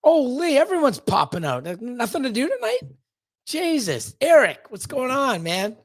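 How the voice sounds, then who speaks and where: A man's voice: very high-pitched, huge pitch swings, brisk, fairly bright tone, dry recording. A man hosting a live stream, greeting chat viewers one by one in a rambling, loose way with lots of fillers. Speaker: livestream host.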